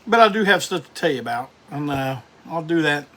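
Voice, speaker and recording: A man's voice: on the high side, expressive, brisk, a bit bright. A middle-aged man hosts a casual live stream, greeting viewers by name and rambling loosely.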